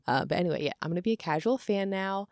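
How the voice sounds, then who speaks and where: A woman's voice: lowish voice, lively intonation, fast talker, a little mellow, no room sound, studio quality. A woman in her thirties talking casually to camera in a rambling confessional vlog, laughing often and using lots of filler words. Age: 30s. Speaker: YouTuber.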